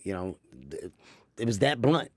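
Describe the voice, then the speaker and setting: A man in his thirties telling stories in an animated, quick way as a comedian guest. His voice sits mid-range and sounds dry and close on a studio microphone. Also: medium pitch, dry recording. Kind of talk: interview storytelling.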